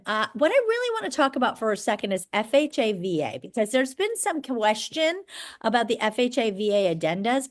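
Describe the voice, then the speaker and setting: A middle-aged woman broker teaching a class of agents, blunt and brisk, often checking that everyone follows. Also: medium pitch. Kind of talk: live training class.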